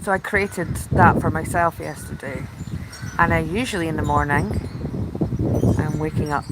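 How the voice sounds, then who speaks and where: A woman hosting a casual live stream, chatting and gushing, sometimes dropping into excited whispers. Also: low-pitched, moderate pace, long pauses, very noisy. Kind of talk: casual live chat from the tub.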